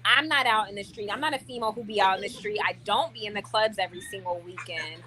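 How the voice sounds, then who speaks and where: A young woman vlogging, talking to the camera in a casual, animated way, full of "like" and restarts. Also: medium pitch, quick pace, background noise. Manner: chatty and animated, many likes and restarts.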